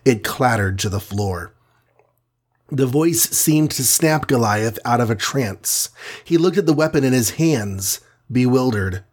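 A man's voice: mid-range voice, animated, unhurried, a little mellow. A man narrating a superhero storybook with a dramatic, vivid reading. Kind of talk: scripted audiobook narration.

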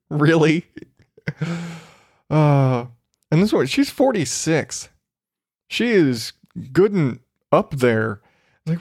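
Guy hosting a podcast, ranting n swearing, laughs a lot, slow talker, dry close sound. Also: fairly high pitch, a little mellow, no room sound. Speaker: podcast host. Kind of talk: casual monologue.

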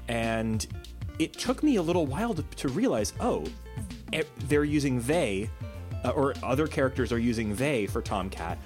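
A man from Texas co-hosting a podcast, talking earnestly with frequent restarts. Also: medium pitch. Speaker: podcast co-host. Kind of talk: casual podcast discussion.

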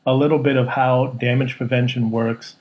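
A man's voice: mid-range voice, level tone, moderate pace, dull audio. A man co-hosting a casual podcast, laid-back and jokey, explaining rules at length. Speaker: podcast co-host.

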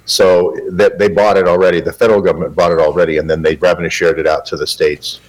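A man with a very low-pitched voice, interviewed as a guest journalist. He rambles on in a matter-of-fact way, padding his answers with fillers. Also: level tone, fast, poor audio.

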